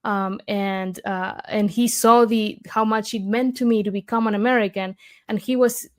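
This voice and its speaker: A woman's voice: medium pitch, steady tone, moderate pace. A woman from Argentina with an Argentine Spanish accent, a guest in an interview, telling a story eagerly with many fillers and restarts.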